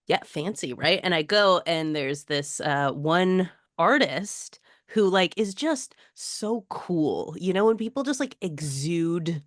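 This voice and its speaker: A woman co-hosting a casual podcast, chatty and quick to laugh. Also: on the low side, expressive, dry recording, clean studio sound. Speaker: podcast co-host.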